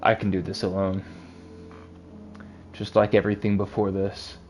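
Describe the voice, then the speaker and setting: A weary animal detective, read by a man in a low, quiet voice, brooding over his doubts in an inner monologue. Soft music plays faintly under him. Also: level tone, normal speed, natural voice. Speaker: game voice-over reader. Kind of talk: reading a story game aloud.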